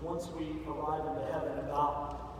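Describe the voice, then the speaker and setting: A male pastor giving a sermon in a large church sanctuary, telling a story and building to loud, emphatic peaks. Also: fairly high pitch, fairly even intonation, normal speed. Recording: echoey hall from far off, faint noise.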